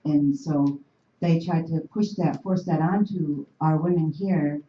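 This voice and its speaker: A woman from the Oneida Nation, telling an animated, emphatic story to an audience in a university room. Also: deep voice, unhurried. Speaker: panel speaker. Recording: roomy, dull room recording.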